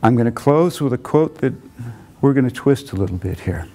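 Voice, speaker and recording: A man giving an earnest, reflective lecture who tells stories and slows down and drops low for emphasis. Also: lively intonation, mellow. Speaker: motivational lecturer.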